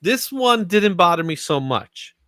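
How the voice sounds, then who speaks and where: A man's voice: high voice, very animated, a little slow, pushed and bright, no room sound. A man hosting a comics market show, chatting casually and laughing often. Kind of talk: casual chat.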